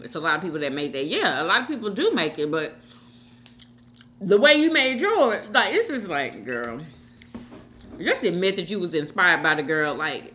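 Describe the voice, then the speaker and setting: A woman hosts a mukbang and chats casually between bites. Her pitch swings widely as she talks, and her voice has a bright, forceful edge. She is opinionated and speaks directly to her viewers. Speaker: mukbang host. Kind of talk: casual chat while eating.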